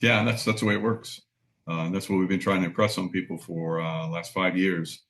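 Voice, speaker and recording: Man, very deep voice, halting, lots of filler sounds, casual host. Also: steady tone, a bit bright, slight background noise. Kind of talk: casual chat.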